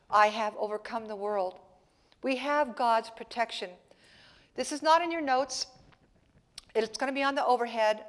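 A woman pastor preaching a sermon in church, swinging between soft, playful asides to the congregation and loud, emphatic passages. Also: on the high side.

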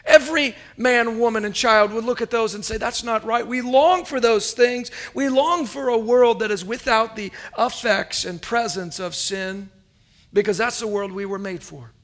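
A man with a high voice preaching from a church, his delivery rising and falling as he speaks to his congregation. He tells a story and asks the listeners questions as he builds to his point. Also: normal speed, fairly bright tone. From United States. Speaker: pastor. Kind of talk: sermon with storytelling.

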